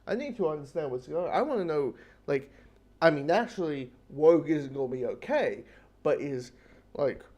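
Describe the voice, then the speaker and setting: A man giving a casual spoken review of a TV episode, rambling and excitable and swearing freely. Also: fairly high pitch, normal speed. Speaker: TV show reviewer.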